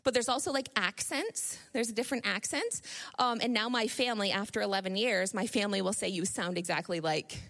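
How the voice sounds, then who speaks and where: A woman's voice: fairly high pitch, brisk, fairly bright tone. A woman in her thirties from Northern New York giving an informal, chatty sermon full of personal stories, laughing often and restarting her sentences. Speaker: speaker at a church gathering.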